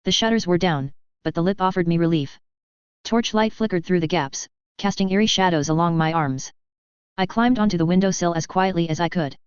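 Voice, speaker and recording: A woman reading first-person fiction aloud in a tense, measured storytelling manner. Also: on the low side, clear, resonant tone, no echo. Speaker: audiobook reader. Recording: dry, slightly muffled recording.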